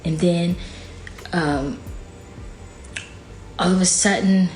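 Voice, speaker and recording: This podcast guest, a woman, talks extremely slowly in a fairly low, darkish voice with fairly even intonation. She tells a painful personal story casually and openly, using "like" a lot, and at times sounds on the verge of tears. Faint music and echo fill the studio.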